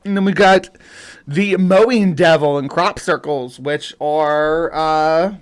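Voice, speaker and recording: A man's voice: on the high side, takes it slowly, clean tone. A man hosting a casual livestream, rambling with lots of fillers and restarts. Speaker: host.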